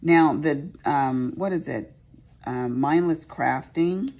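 A woman with a very low, gravelly and husky voice chats while she crafts. She rambles and pokes fun at herself in a slow, unhurried way, and her pitch rises and falls a lot. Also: a little mellow. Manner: rambling, chatty, self-mocking. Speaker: craft vlogger. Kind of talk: casual chat while crafting.

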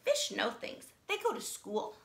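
A woman's voice: sits high, measured pace, vocal fry, pitched above the performer's own voice, full character voice. A woman voicing an eager, curious young male pollywog in a read-aloud storybook. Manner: excited, wide-eyed. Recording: echoey room.

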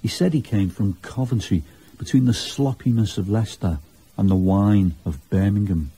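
Give me a man with a husky low voice narrating a radio documentary. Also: normal speed, dark tone. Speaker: presenter.

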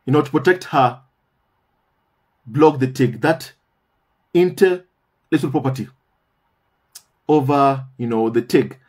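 A man's voice: mid-range voice, slow pace, pauses often, husky. A man hosting a commentary channel, talking in a casual monologue, emphatic and repeating phrases for stress, often calling his viewers "my family".

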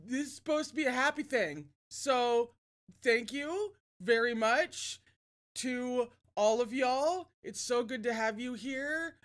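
A woman hosting a casual livestream, chatting warmly and self-deprecatingly between reading a novel aloud. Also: fairly high pitch, animated, slow pace.

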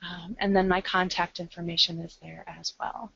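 A woman's voice: fairly low pitch, little pitch movement, moderate pace, gravelly, sharp tone, slightly rough, no echo. A woman librarian with an American Midwest accent, giving an upbeat, conversational webinar presentation with frequent ums. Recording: dull lo-fi online call audio.

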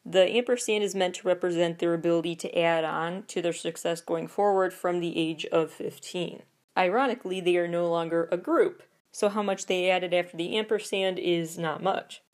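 Woman host, low-pitched, chatty and opinionated, casual commentary read. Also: steady tone, moderate pace, a little mellow. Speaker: podcast host.

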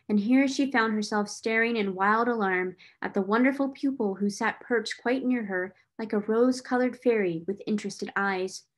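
Woman reading an old novel out loud, clear and expressive, kinda high voice. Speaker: reader. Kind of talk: audiobook reading of a classic novel.

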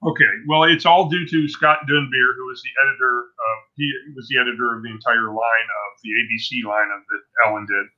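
A man's voice: mid-range voice, steady tone, a little fast, hardly any pauses. A man in his sixties, a comic book artist being interviewed, telling stories in a rambling, self-interrupting way. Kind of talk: casual interview storytelling. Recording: dull lo-fi sound.

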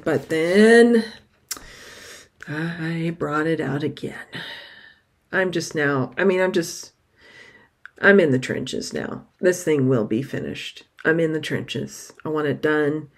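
A middle-aged woman chatting casually to camera about her stitching, excitable and gushing, with sudden high exclamations. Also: takes it slowly, long pauses. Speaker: cross-stitch vlogger.

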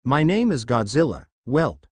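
A man voicing a gruff, mocking giant male reptile monster in a read-aloud fan story. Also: mid-range voice, sing-song, a little slow, no echo.

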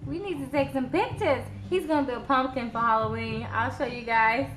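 A young new mother vlogs at home in a high-pitched, brisk, slightly bright voice, cooing baby talk to her infant son and chatting with her viewers. The casual home vlog has a roomy echo and faint background noise.

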